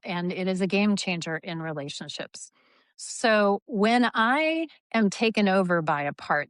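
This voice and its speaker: A woman in her fifties, a therapist guest talking in an animated way and sometimes acting out angry lines. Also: on the low side, clean tone, no room sound, clean studio sound. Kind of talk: conversational interview.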